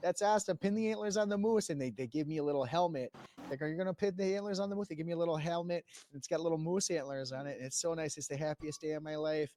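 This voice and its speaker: A man telling a dramatic, profane in-character story during a role-play stream, swinging between hushed and loud. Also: fairly high pitch, fast.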